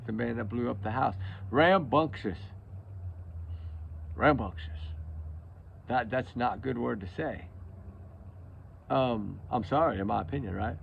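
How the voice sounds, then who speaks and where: A worn-out man talks straight to his viewers in a loose, rambling monologue, circling back to the same words for emphasis. His mid-pitched voice has a gravelly rasp to it. The recording sounds dull and lo-fi. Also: a little hiss or hum. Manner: rambling, emphatic, repeats himself. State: exhausted from lack of sleep. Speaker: true crime commentary channel host. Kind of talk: casual opinion monologue to viewers.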